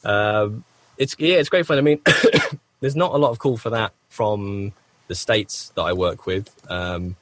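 A man's voice: on the low side, measured pace, no echo. A man, a voice actor, answering interview questions in a rambling, self-correcting way with frequent coughs, speaking from a home recording booth. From United Kingdom. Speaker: voice actor guest.

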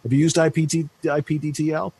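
A man's voice: on the high side, little pitch movement, quick pace, darkish tone, breathy edge. A man co-hosting a podcast, reading out listener questions in a friendly, informal way. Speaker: podcast co-host.

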